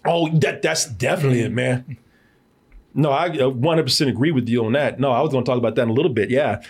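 A man hosting a casual movie review podcast, animated and laughing often, tripping over repeated words. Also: medium pitch, quick pace, husky. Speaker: podcast host.

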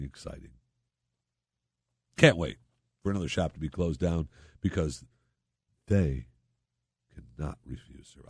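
Sarcastic deep-voiced talk radio host. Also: male voice, husky, no room sound, clean studio sound. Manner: sarcastic, mocking, animated asides. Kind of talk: opinion talk radio monologue.

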